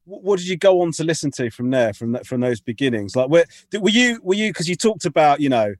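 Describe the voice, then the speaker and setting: A man's voice: on the high side, very animated, quick pace, no room sound, studio quality. A man hosting an interview who asks eager, rambling questions full of restarts. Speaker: podcast host, interviewer.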